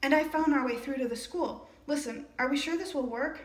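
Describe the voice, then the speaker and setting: A woman reading aloud as a nervous, overeager teenage boy, in a hurried manner. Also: high-pitched, pitched above the performer's own voice, natural voice. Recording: roomy echo.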